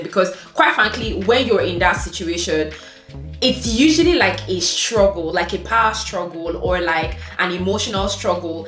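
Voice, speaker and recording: A woman vlogger speaks in a lowish, conversational voice, giving self-help advice in an earnest, direct way. She calls her viewers sis and my love. The room sounds echoey, and soft music plays underneath. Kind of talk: casual advice monologue.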